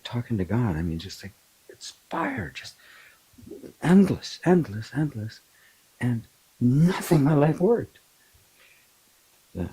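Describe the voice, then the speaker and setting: A middle-aged man, a spiritual teacher, talking reflectively in an open forum and telling stories with animated bursts. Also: on the low side, husky, rough recording. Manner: reflective, animated storytelling with laughs. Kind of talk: open forum talk on self-inquiry.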